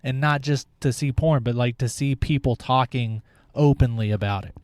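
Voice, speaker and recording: A man's voice: medium pitch, normal speed, a little mellow, dry recording, clean studio sound. A young man hosting a podcast, talking in a blunt, opinionated monologue and swearing freely. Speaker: podcast host. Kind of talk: casual monologue.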